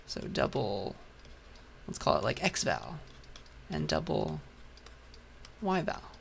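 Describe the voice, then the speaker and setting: A man lecturing a programming class, patient and step by step while writing, his voice hoarse. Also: a little high, wildly swooping pitch, slow, a little hiss or hum. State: hoarse, losing voice. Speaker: university lecturer. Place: lecture hall.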